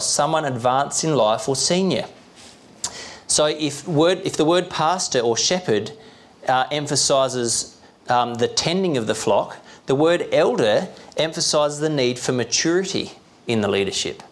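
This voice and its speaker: A young man preaching a sermon as pastor, explaining plainly in a conversational way, often checking in with the congregation and chuckling now and then. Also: mid-range voice. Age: young adult.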